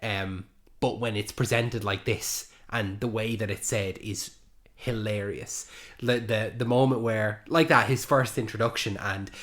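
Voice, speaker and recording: A man's voice: fairly low pitch, fairly even intonation, unhurried, a bit bright. A man co-hosting a podcast, talking about a film in an enthusiastic, rambling way with many fillers. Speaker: podcast co-host. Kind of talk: casual film discussion.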